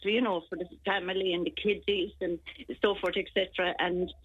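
A woman's voice: lowish voice, little pitch movement, fairly quick, slightly rough, no room sound. An Irish woman calling in to a radio show as a regular contributor, chatting and joking in a rambling way over a tinny phone line. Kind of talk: casual phone chat. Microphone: telephone.

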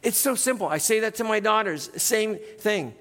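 A middle-aged male pastor preaching in a church, in a relaxed conversational way, often tagging "right?" onto his points. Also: high-pitched, moderate pace, long reverb tail. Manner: conversational, keeps adding "right?". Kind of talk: sermon. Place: church sanctuary.

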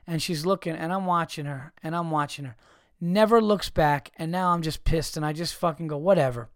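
A man hosting a podcast, telling stories in a profane, animated comedic rant with frequent restarts. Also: on the high side, fairly quick, clear, resonant tone, dry recording, clean studio sound. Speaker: podcast host.

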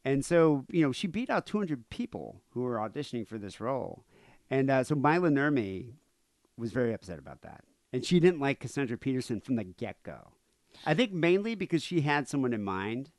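A man's voice: mid-range voice, big pitch swings, brisk, a little mellow, no echo. Rambling male podcast co-host, very dry sound. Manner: rambling, heavy with "uh" and "you know". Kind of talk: casual storytelling chat.

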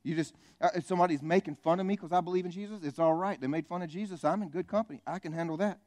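A man's voice: high voice, very fast. A man preaching a sermon to a live church congregation, full of energy and jokes that he aims straight at the crowd. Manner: energetic, joking, calls out to the congregation. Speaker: pastor.

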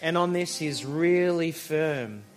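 A man preaching a sermon as a pastor, conversational, telling stories and pausing for emphasis. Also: fairly high pitch. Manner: conversational, storytelling, with emphatic pauses.

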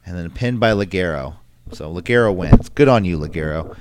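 A man's voice: low-pitched, lively intonation, fairly quick, background noise. A man hosting a casual podcast, rambling through a recap with lots of ums and likes. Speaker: podcast host recapping wrestling. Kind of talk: casual chat.

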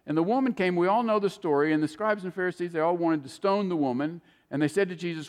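A man's voice: high-pitched, fairly quick. An older man preaching a sermon in a folksy, storytelling way, acting out the people he quotes. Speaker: pastor. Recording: long hall reverb.

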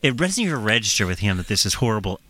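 Man, bright forceful voice, dry close sound, casual swearing storyteller. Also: fairly low pitch, fast talker, no echo. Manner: profane, animated, laughing while telling a story.

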